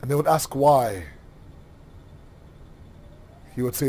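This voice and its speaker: A man giving a religious lecture, animated, asking rhetorical questions and acting out everyday dialogue. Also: mid-range voice, a little fast. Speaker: Muharram lecturer.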